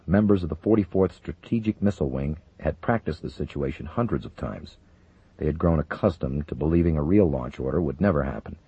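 A man reading a thriller audiobook in a steady, measured voice. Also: very deep voice, slightly rough, no room sound. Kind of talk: audiobook narration. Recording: dull, dry recording.

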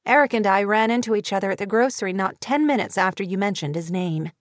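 Embarrassed young schoolteacher read by a woman, soft, plain, dry sound. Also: medium pitch, quick pace, no echo, natural voice. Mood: miserable.

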